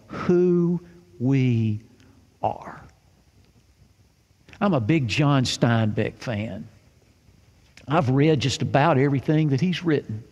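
Brief: earnest folksy male pastor, fairly high, gravelly voice, long church reverb. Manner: earnest, folksy, repeats phrases for emphasis. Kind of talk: sermon with storytelling.

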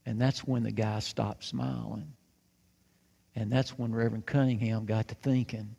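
A man preaching a sermon, telling a story with lively acted-out dialogue and hushed moments. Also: medium pitch, normal speed, vocal fry, breathy edge. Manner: animated, acts out dialogue, drops to hushed tones. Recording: long reverb of a large hall.

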